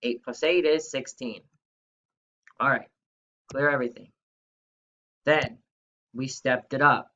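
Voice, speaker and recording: A man's voice: medium pitch, steady tone, slow pace, pauses often, sharp tone, muffled recording. A young man teaching a video lesson to schoolchildren in an upbeat, chatty way, talking straight to the kids. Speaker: third-grade teacher.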